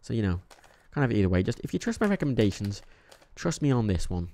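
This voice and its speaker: A young man casually reviewing films, rambling, swearing often, with sudden animated bursts and a tired edge. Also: on the low side, fast talker. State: a bit tired. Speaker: film reviewer. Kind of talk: casual monthly movie review vlog.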